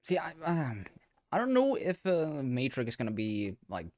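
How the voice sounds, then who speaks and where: A man co-hosting a loose podcast chat. He speaks at a middle pitch in a close, dry recording. He hesitates and restarts often and throws in dry jokes. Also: wildly swooping pitch, a little mellow, no echo. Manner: hesitant, halting, dry humor. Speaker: podcast co-host. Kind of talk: casual chat.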